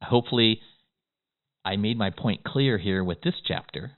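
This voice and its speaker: A man giving a motivational business course lecture. He talks fast and excitably and keeps checking in with "okay?". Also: lowish voice. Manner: fast-talking, excitable, peppers lines with "okay?". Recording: tinny phone-like audio.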